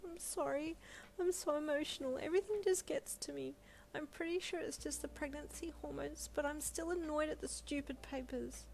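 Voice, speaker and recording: A woman voicing an upset, tearful young pregnant wife in an audio fanfiction role-play, talking high and agitated. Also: normal speed, a little hiss or hum, close to an everyday voice.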